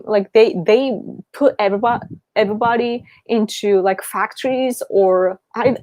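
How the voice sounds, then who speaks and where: A Japanese woman in her thirties speaks English with a Japanese accent, hosting a casual live-stream Q&A. She talks slowly, often stopping to search for the right word. Her voice sounds dry and close, with no room around it. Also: medium pitch, darkish tone, no echo. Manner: rambling, searching for words.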